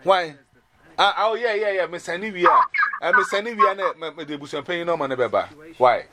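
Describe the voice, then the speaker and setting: On a very noisy video call, a Ghanaian-accented man gives his personal testimony a little fast. The telling is spirited, with his pitch rising and falling dramatically.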